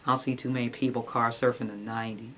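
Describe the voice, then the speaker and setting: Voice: mid-range voice, level tone, racing, a bit bright, slight background noise. A co-host in a casual movie review, making plain remarks and short agreeing replies.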